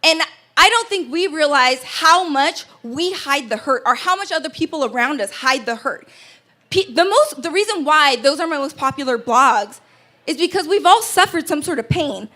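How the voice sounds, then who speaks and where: A woman's voice: high-pitched, lively intonation, moderate pace, sharp tone. A woman telling a personal story in an earnest, emotional speech on an event stage, often stumbling and restarting. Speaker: keynote speaker. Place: event stage before an audience.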